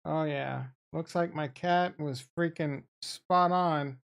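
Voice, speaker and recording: Guy with a gravelly voice, jokey rambling market chat, talks to his viewers. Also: on the high side, fairly even intonation, slow pace. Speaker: crypto trading streamer. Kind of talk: casual rambling market commentary.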